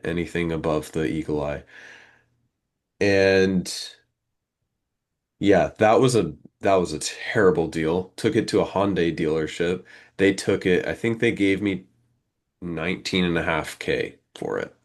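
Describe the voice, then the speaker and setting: A man's voice: sits low, measured pace. A young man in his twenties on a casual podcast, telling a long story and acting out the back-and-forth in it. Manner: animated, acts out quoted exchanges. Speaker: podcast co-host.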